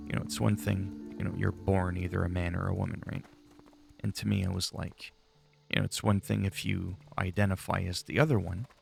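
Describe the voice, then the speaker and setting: A man with a low, heavily gravelly voice rambles casually while he plays, chatty and free with his swearing. Faint game music plays underneath his talk. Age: adult, long-time player. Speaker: gaming channel host. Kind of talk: casual gameplay commentary.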